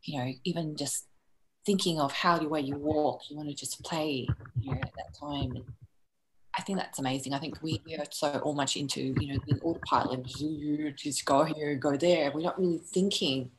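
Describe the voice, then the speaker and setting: An Australian woman with a fairly low voice hosts a live online workshop. She gushes and rambles, stringing phrases together with fillers, and is heard over a video call. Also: normal speed, background noise. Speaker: workshop host.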